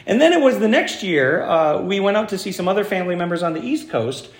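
A man's voice: high-pitched, sing-song, fast, reverberant. A man preaching a sermon as pastor, talking in a conversational way with fillers and restarts. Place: church.

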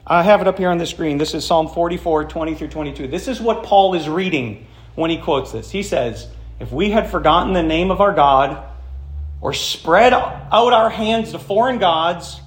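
A man preaching a sermon to a congregation in a church hall, animated and emphatic, often asking the room questions. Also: sits high, normal speed. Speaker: pastor.

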